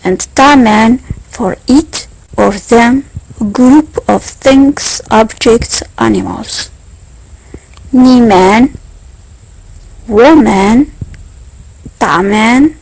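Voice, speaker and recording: A woman teaching a beginner language lesson, speaking slowly and carefully and repeating each point. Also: on the high side, breathy edge, poor audio. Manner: slow, repetitive, careful enunciation.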